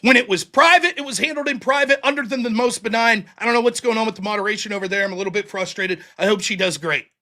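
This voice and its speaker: A man's voice: high-pitched, fast talker, hardly any pauses, sharp tone. A man hosting a livestream, talking in a heated, sarcastic and profane way. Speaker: livestream host. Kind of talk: livestream commentary rant.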